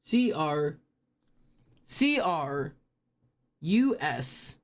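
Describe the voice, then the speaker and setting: Slow-talking streamer thinking aloud. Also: medium pitch, big pitch swings. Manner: thinks aloud, spells words out letter by letter, self-mocking. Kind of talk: casual live-stream commentary while playing a word game.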